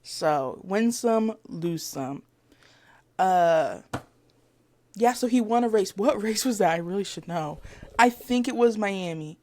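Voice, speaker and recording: A woman chatting casually to camera as a vlogger, excitable and rambling, with lots of fillers, giggles and self-corrections. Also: medium pitch, slow pace. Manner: gushing fan talk with giggles.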